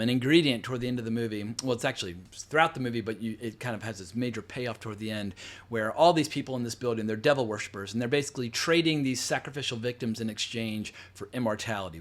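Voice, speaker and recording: A middle-aged man giving a casual spoken movie review, blunt and sarcastic, rambling with fillers and self-corrections. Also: mid-range voice. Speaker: film reviewer.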